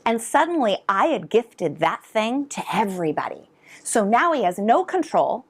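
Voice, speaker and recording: A middle-aged woman educator giving a conference talk to parents and teachers, animated and drawing answers from the audience. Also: medium pitch, normal speed, husky. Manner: animated, asks the audience to respond. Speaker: educator presenter. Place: conference hall.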